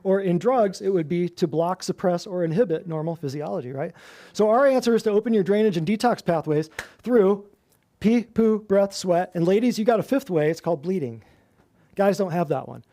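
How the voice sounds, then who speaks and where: Teaching a class in an office to a small live audience, this man speaks at a high pitch and a fairly quick clip. The natural health practitioner stays animated, posing questions to the room and joking and laughing.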